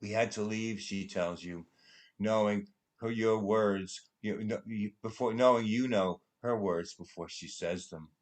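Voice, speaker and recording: Slow, deep-voiced man reciting softly. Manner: hushed, trailing into near-whispers at line ends. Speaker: poetry reader at a benefit concert. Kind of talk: slow dramatic recitation of a prose poem.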